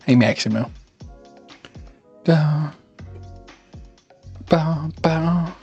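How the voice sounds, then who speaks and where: A man's voice: fairly high pitch, very slow, a little mellow, lo-fi sound. A man rambling sarcastically and animatedly in casual chat while he cooks live in his home kitchen. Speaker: live-streaming home cook. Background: faint music.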